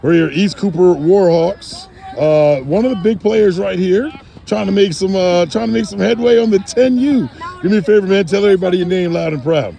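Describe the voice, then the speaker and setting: A man's voice: sits high, brisk, gravelly, warm tone. A man playfully interviewing people at an outdoor football practice, teasing and hyping them up. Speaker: sideline interviewer. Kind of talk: casual sideline interview.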